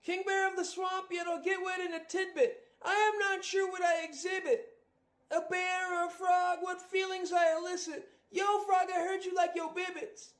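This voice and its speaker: A man voicing a cocky ghostly male bear, rapping boastfully with shouted ad-libs. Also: very high voice, flat delivery, normal speed. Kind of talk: rap song.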